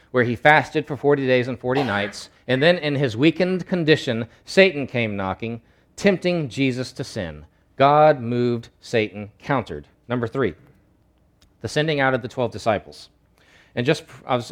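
A man preaching a sermon, emphatic, swinging from loud bursts to low asides and acting out quoted voices.

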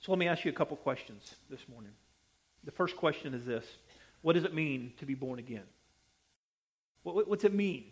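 A man preaching a sermon, emphatic and repetitive, with sharp swings between loud and soft delivery. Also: on the high side, expressive, brisk, pauses often, husky. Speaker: pastor.

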